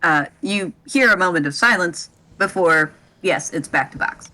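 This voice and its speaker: A woman's voice: on the low side, lively intonation, normal speed, pushed and bright. A woman narrating a tabletop game as game master, hesitant and breaking into laughter. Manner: hesitant, laughs often between lines.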